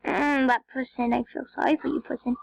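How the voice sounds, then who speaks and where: A woman's voice: high-pitched, flat delivery, fairly quick, gravelly, dry recording, low-quality recording. A young female gamer chatting to viewers in a rambling, casual way as she plays. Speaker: game video narrator. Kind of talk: casual gameplay commentary.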